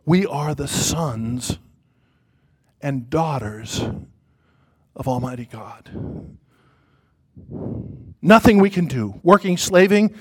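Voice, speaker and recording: Male preacher with a high voice, live sermon, emphatic, builds and drops to a hush. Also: expressive, takes it slowly, pauses often, breathy edge. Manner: emphatic, repetitive, swings from loud to hushed. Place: church before a congregation.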